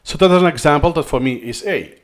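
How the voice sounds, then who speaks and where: A native Spanish speaker from Spain, speaking with a Spanish accent, talks through a screen-recorded learning tutorial. He thinks aloud as he goes and repeats himself. His voice is on the high side and a little fast.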